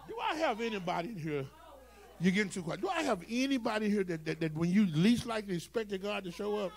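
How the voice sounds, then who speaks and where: High gravelly preacher guy, swings from low storytelling to shouting. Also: animated, fast. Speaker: pastor. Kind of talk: Black Baptist preaching.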